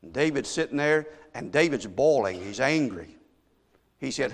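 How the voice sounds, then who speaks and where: A male pastor preaching a sermon, telling a story and swinging from hushed asides to shouted emphasis. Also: medium pitch, expressive, normal speed. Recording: long echo of a large hall.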